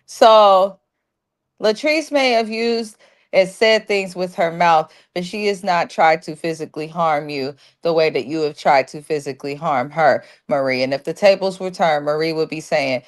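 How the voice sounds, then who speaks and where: Woman co-host, lowish voice, firm opinionated recap commentary. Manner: firm, argumentative, lays out her case.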